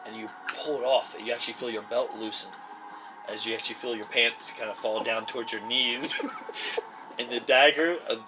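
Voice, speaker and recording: A man's voice: medium pitch, steady tone, normal speed. A man narrating a tabletop game as game master, rambling with many fillers and laughing often. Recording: far from the mic, music behind.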